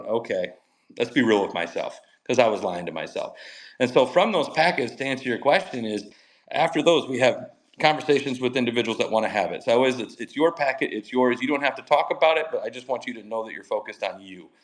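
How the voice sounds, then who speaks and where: A man's voice: medium pitch, fast talker, low-quality recording. A middle-aged man, a mental skills coach, talking energetically on a podcast and acting out quoted dialogue. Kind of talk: enthusiastic podcast storytelling.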